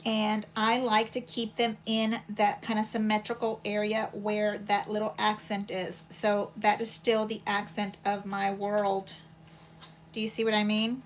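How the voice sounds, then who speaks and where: A woman's voice: mid-range voice, a little slow, low-quality recording. Chatty woman crafting at home. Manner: chatty, rambling, thinks aloud while working. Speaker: paper crafting channel host. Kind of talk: casual craft demo chat. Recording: home recording with steady background noise.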